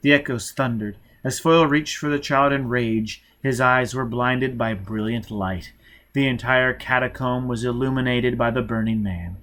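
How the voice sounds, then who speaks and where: A man narrates a novel in a measured, dramatic way. His voice is bright and crisp, at a middle pitch. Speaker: audiobook narrator. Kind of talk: scripted narration.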